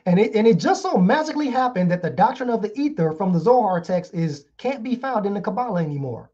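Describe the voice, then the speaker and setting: A fast-talking online show host with a high, animated, dark voice rails through a casual lecture, reading articles and repeatedly tossing out rhetorical questions. The recording is dull and lo-fi.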